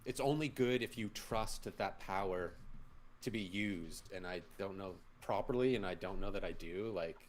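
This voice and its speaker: A man's voice: sits low, moderate pace, a little hiss or hum. A man co-hosting a casual live stream, talking in loose, rambling sentences full of restarts. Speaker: co-host.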